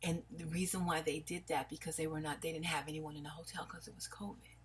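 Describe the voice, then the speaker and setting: A woman's voice: low-pitched, flat delivery, fast talker, a little hiss or hum. A woman from New York talking to her viewers in a personal video, rambling and apologetic, losing her train of thought. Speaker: vlogger. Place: home in Los Angeles.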